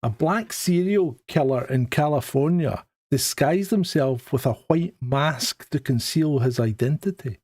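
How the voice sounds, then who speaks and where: A man's voice: medium pitch, animated, a little slow, few pauses, darkish tone. A man from Scotland co-hosting a live stream in a joking, chatty way, often restarting sentences. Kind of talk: casual chat.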